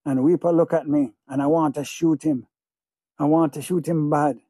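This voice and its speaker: A man's voice: a little high, steady tone, normal speed, warm tone, slightly rough, no echo. Feverish male audiobook narrator. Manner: feverish, obsessive repetition. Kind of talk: first-person audiobook narration.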